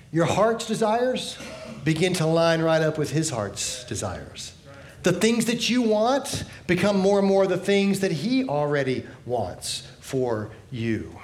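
A man preaching a sermon with earnest delivery, often dropping low and soft at the ends of phrases. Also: roomy sound. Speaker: pastor.

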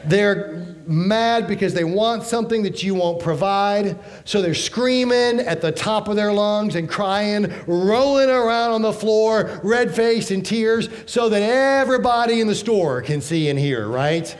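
Pastor in his 50s, higher-pitched male voice, punchy sermon delivery with quips. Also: a little slow, hardly any pauses. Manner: emphatic, rhetorical questions, joking asides.

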